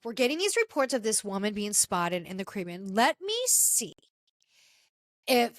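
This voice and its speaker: A woman podcast co-host tells a story in a casual, chatty way, slipping into quoted lines and restarting her sentences. Her voice sits a little high. The recording is dry and close. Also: no echo.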